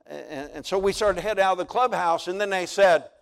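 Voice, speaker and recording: High-voiced pastor telling stories. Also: male voice, brisk, creaky. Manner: folksy and animated, building to near-shouts. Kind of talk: storytelling sermon.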